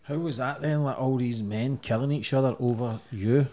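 A man's voice: medium pitch, moderate pace, dark tone. A man interviewing a guest, asking blunt, probing questions in a casual way.

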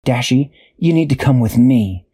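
A man's voice: medium pitch, expressive, normal speed, warm tone, slightly rough. A man doing a decisive female leader. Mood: determined.

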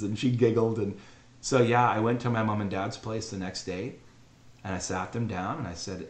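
On a podcast, a middle-aged man with a medium-pitched voice shares a heartfelt personal story, earnest and emotional, frequently halting and repeating himself. The recording has a roomy echo.

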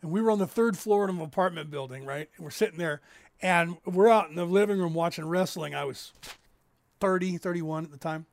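A man in his fifties from California, rambling casually as he hosts a livestream and tells stories, with a raspy edge. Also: sits high, fairly quick, no echo. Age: 50s. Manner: rambling storyteller, acts out others' lines in raised voices. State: raspy from COPD. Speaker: livestream host.

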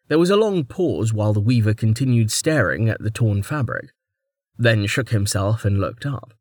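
A man reading an audiobook chapter in steady, scripted narration. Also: on the low side, moderate pace, no echo, studio quality.

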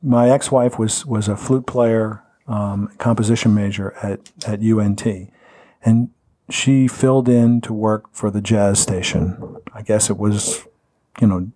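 A man's voice: on the low side, fairly even intonation, unhurried, mellow. A middle-aged man in casual chat, wisecracking and tossing in jokes as he tells stories.

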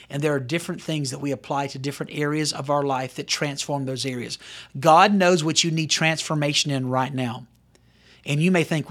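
A man's voice: mid-range voice, fairly bright tone. A middle-aged male pastor giving an earnest, conversational sermon that climbs into emphatic bursts. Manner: earnest, conversational preaching with sudden emphatic rises.

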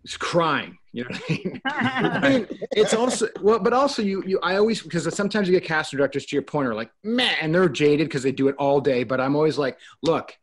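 Male co-host, slightly high voice, lively chat, plays out the people he quotes. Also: fast talker. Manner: animated, acts out quoted voices. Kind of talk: casual talk-show chat.

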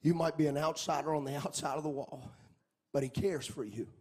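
A man preaching a fiery sermon. He chants in a sing-song cadence, builds to shouts, then drops into quiet storytelling. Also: fairly high pitch, brisk, husky.

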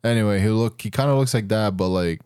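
A man co-hosts a podcast in relaxed, joking conversation and swears without a second thought. His voice sits very low. The recording is dry and close. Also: quick pace, smooth, dry recording. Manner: laid-back, joking, swears freely. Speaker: podcast co-host. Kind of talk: casual chat.

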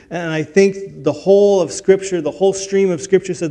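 A man's voice: high-pitched, fairly even intonation, moderate pace, hardly any pauses, mellow. A middle-aged man preaching a sermon, earnest and building to emphatic peaks, with frequent restarts. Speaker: pastor.

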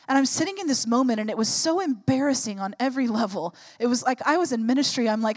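A woman's voice: on the high side, expressive, fast talker. A woman in her thirties, a pastor preaching a sermon, telling a personal story and building to fervent exhortation.

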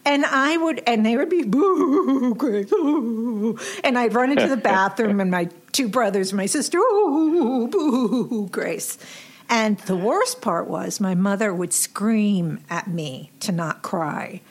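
Expressive woman host, lively storytelling, quick to laugh. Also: medium pitch. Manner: animated, emotional storyteller, laughs often. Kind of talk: casual chat.

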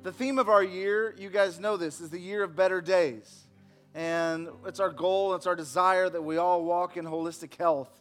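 A man with a high voice preaches a sermon from a church stage. He tells stories and acts out the voices in them, speaking to a congregation in the room. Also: smooth. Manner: storytelling, acts out voices in anecdotes. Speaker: pastor. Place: church sanctuary.

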